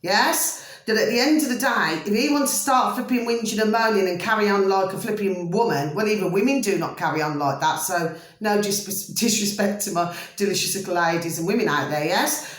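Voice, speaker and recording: A woman ranting to her viewers in an animated monologue, full of repeated "I said" and fond pet names for her audience. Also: medium pitch, a little fast, echoey room. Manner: animated, repeats "I said", calls viewers "my delicious little babies". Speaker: vlogger.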